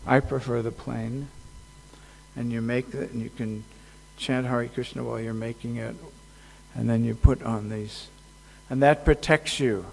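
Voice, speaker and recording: A man giving a casual devotional talk at a festival, halting and joking, with many fillers. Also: medium pitch, vocal fry. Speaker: speaker at a temple festival. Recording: long hall reverb.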